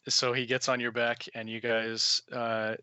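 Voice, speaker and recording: A man's voice: medium pitch, flat delivery, a little slow, sharp tone, clean tone, no room sound. A man narrating as the game master of a tabletop game, easygoing and often laughing.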